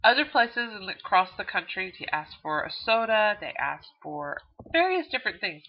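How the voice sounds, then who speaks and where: A woman's voice: mid-range voice, very animated, moderate pace, gravelly. A woman with a Texan accent, a college instructor giving a chatty recorded video lecture with frequent fillers. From Texas. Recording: dull lo-fi video audio.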